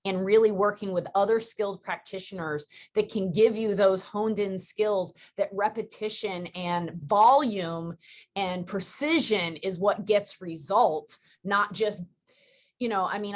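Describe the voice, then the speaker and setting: A woman from Western New York hosting a podcast, chatting casually and telling stories with quick, rambling asides. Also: medium pitch. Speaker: podcast host. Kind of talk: casual interview chat.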